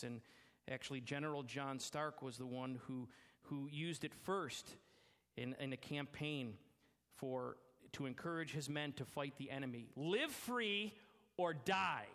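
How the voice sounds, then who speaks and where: A man preaching a sermon as pastor, emphatic, slowing down and dropping his voice low to stress key words. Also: fairly bright tone. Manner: emphatic preaching, slows and drops low for weight. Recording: long hall reverb.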